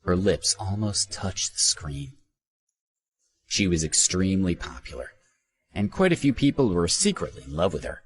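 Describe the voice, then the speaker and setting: A man narrating an audiobook with a very deep voice. His pitch rises and falls a lot as he tells the story expressively. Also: big pitch swings, moderate pace.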